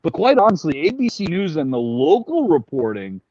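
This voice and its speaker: A man's voice: a little high, huge pitch swings, normal speed, warm tone, dry recording. A man co-hosting a panel talk, speaking emphatically and with indignation. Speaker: co-host. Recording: dry, dull lo-fi sound.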